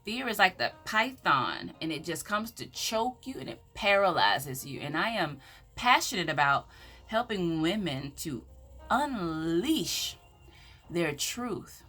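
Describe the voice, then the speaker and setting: Southern woman giving a bright inspirational talk. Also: fairly low pitch, very animated, slow pace, soft background music. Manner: preacherly, scripture-quoting, emphatic. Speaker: women's empowerment speaker.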